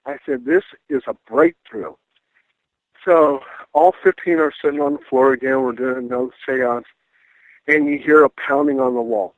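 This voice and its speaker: A middle-aged man, a paranormal investigator, telling a ghost story in a casual, animated way and acting out the voices he quotes. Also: mid-range voice, moderate pace, no room sound. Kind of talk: casual storytelling on a radio call-in. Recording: dry tinny phone line.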